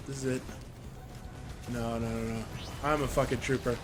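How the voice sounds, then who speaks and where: A young man commentating his own gameplay in a casual way, swearing and breaking into sudden yelps and shouts. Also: mid-range voice, little pitch movement, moderate pace, a little hiss or hum. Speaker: gameplay streamer. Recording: loud game music behind the voice.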